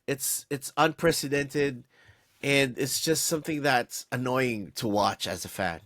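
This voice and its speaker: A man co-hosting a casual sports podcast, ranting in an animated, exasperated way with lots of restarts. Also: mid-range voice, measured pace, no echo. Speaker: podcast co-host.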